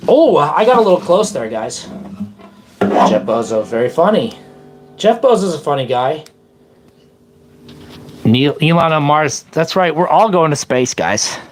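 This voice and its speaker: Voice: medium pitch, big pitch swings, a little slow, pauses often, slight background noise. A live streamer chatting casually with viewers in a playful, rambling way, now and then breaking into made-up silly songs. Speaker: livestream host and musician.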